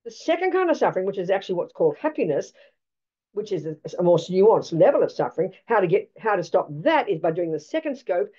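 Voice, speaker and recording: A woman gives a Buddhist teaching, her pitch swooping widely as she drives each point home. Her tone is mellow and dark, her manner blunt and emphatic, full of rhetorical questions. The recording sounds dull and lo-fi. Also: big pitch swings, fast, breathy edge.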